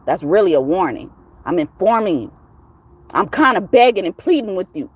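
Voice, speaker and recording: A woman's voice: medium pitch, big pitch swings, moderate pace, slightly rough. A woman tarot reader ranting to her viewers in a heated, profane, emphatic way. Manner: profane, emphatic, rising to shouts. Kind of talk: heated casual rant to viewers.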